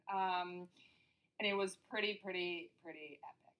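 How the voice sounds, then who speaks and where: A woman's voice: fairly low pitch, fairly even intonation, moderate pace, a bit bright, poor audio. A woman hosting a podcast in casual chat, talking in a chatty way with many ums and uhs. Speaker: podcast host.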